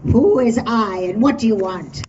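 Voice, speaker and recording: A frail old widow, poor and bedridden, answers in a fretful, questioning tone, voiced by a woman telling a folk tale. The voice is mellow and pitched fairly high. It comes from some distance off, on a dull recording. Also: a little slow, a little hiss or hum, natural voice. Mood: worried. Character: sick poor old widow in bed, wary and plaintive.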